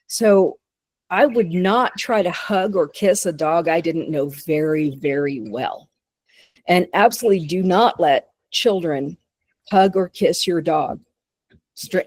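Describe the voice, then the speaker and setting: A woman's voice: mid-range voice, a little mellow, no echo. A woman with a Texan accent, a dog behavior consultant giving a conversational webinar presentation, often restarting sentences and voicing what dogs think. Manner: conversational, many restarts and acted-out dog thoughts.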